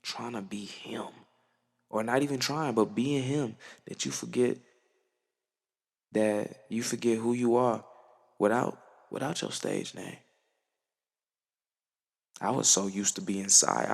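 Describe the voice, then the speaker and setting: A man's voice: on the low side, unhurried, creaky, long pauses, slightly rough, in a large hall. A young man musician giving an earnest, slangy, profane monologue to camera. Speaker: musician vlogger. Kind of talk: reflective casual monologue.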